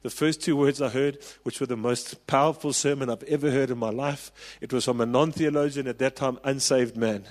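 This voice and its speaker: South African pastor preaching in a reverberant hall. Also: male voice, medium pitch, steady tone, a little fast, few pauses. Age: 40s. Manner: impassioned storytelling, building to loud calls. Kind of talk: sermon.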